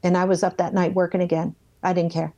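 Mellow-voiced woman telling her story bluntly. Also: on the low side, level tone, fast, dull audio. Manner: vivid storyteller who acts out her own past thoughts; blunt, plain-spoken, self-censors swearing. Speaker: interviewee sharing her life story. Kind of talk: candid personal testimony.

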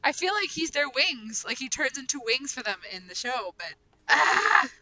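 A woman co-hosting a relaxed podcast chat. Her voice is bright and a little high, and she rambles and thinks out loud as she goes. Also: normal speed, rough recording. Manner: rambling, thinks aloud while searching. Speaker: podcast co-host. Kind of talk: casual chat about anime.

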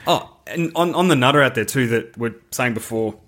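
A man co-hosting a casual podcast about a film, retelling scenes with lively quoted lines. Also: medium pitch, fairly quick. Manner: animated, acts out movie scenes in quoted voices. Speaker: podcast co-host.

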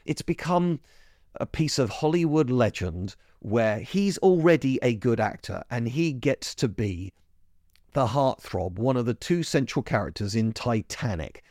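A man hosting a podcast, talking through a film review in a chatty way, correcting himself as he goes, with his pitch jumping up when he gets keen. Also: a little mellow, no echo, clean studio sound. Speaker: podcast host.

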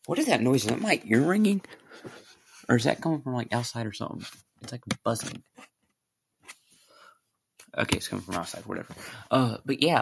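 A man's voice: medium pitch, expressive, brisk, vocal fry, long pauses, slight background noise. A man hosting a podcast, rambling casually and musing aloud, full of questions. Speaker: podcast host.

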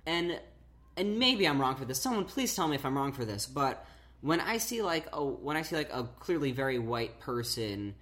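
Young woman, low voice that swings around a lot, keeps restarting, lots of likes. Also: very animated, a bit bright. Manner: halting, restarts often with many "like"s. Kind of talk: casual chat.

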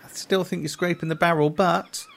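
A man co-hosting a casual comedy podcast, sardonic and quick to mock and laugh. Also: a little high, fairly even intonation, gravelly. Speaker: podcast co-host.

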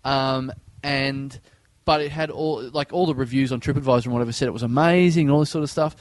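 An Australian man, a comedian and podcast host, telling long, rambling anecdotes in casual chat and slipping into animated impressions. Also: mid-range voice, fast talker, no echo.

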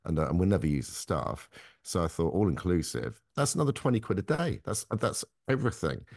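A man's voice: low voice, big pitch swings, creaky, a little mellow, no room sound, studio quality. A young man, co-hosting a casual podcast and rambling about expenses in a grumbling way. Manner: grumbling, rambling about costs, slow drawn-out asides. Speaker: podcast co-host. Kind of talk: casual banter.

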